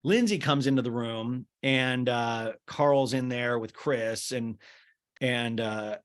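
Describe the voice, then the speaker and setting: A man's voice: mid-range voice, slow pace. A man hosting a casual solo recap podcast. He rambles in a chatty way, full of fillers, and acts out quotes in exaggerated voices. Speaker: podcast host.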